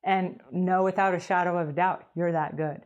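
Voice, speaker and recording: A woman's voice: fairly low pitch, steady tone, moderate pace, darkish tone, highs cut off. A woman giving emphatic, direct advice to house cleaners as a business coach in an advice talk.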